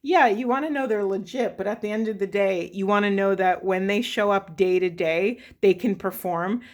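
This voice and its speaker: A woman's voice: mid-range voice, normal speed. A woman talking through a spiritual tarot reading for her viewers, emotional and often correcting herself as she goes. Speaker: tarot reader.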